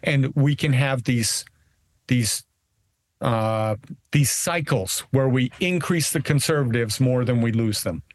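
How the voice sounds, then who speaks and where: A man speaking as a conservative legislator guest in a political interview, emphatic and rallying, with quick restarts. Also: medium pitch.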